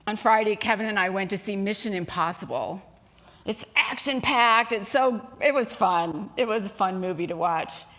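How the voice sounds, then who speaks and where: A woman's voice: medium pitch, moderate pace, fairly bright tone. A woman minister giving a Sunday sermon in a spiritual center, talking conversationally with asides and a joke.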